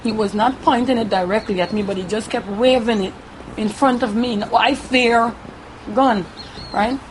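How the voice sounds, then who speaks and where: A woman with a Guyanese Creole accent giving a halting first-person account, often repeating herself and tagging her sentences with "right?". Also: a little high, fairly even intonation, a little hiss or hum, poor audio. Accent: Guyanese Creole English. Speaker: interviewee.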